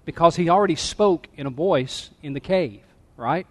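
Pastor preaching in a reverberant church. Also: male voice, a little high, animated, moderate pace. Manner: dynamic, drops to a hush then rises to emphatic. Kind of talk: sermon. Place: church sanctuary.

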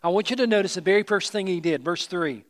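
A man preaching a sermon as pastor, earnest, rising to emphatic peaks and falling to hushed phrase endings. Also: sits high, fast talker. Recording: hall reverb.

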